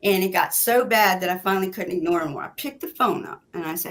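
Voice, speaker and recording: A woman's voice: lowish voice, fast, hardly any pauses. A woman guest telling a personal story in casual chat, acting out what people said. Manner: animated, acts out quoted lines.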